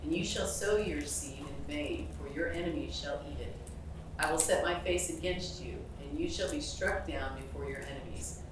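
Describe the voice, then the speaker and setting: Low-voiced woman reading scripture from afar. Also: normal speed. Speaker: scripture reader in a study group. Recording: echoey room, distant mic, background noise.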